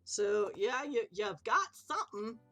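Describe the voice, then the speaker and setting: A woman's voice: a little high, very animated, unhurried, a bit bright, soft background music. A woman running a tabletop game on a live stream, chatty and loose, swearing casually and laughing easily. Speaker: game master.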